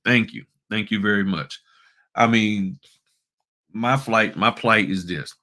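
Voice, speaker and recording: A man's voice: on the low side, moderate pace, sharp tone. A middle-aged man hosting a casual tutorial on notary work, talking folksy and emphatic and addressing viewers as y'all. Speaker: notary business host. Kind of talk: casual screen-share tutorial.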